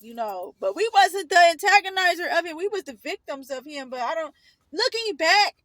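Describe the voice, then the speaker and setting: A woman's voice: very high-pitched, animated, moderate pace, a bit bright, no room sound, rough recording. A young woman from Oakland, California, telling her own story to the camera in a casual, emotional way, wandering off into asides. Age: young adult. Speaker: vlogger.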